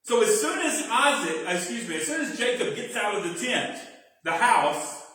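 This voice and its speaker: A man's voice: sits high, very animated, normal speed, pushed and bright. A male pastor teaching a Bible study sermon in a dramatic, explanatory way. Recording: very echoey hall from far off.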